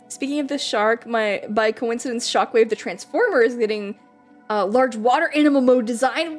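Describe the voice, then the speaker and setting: A young woman streams from home in casual live-stream chat, rambling with lots of fillers and giggles. Her voice is a little high and her pace measured, with faint music playing behind her.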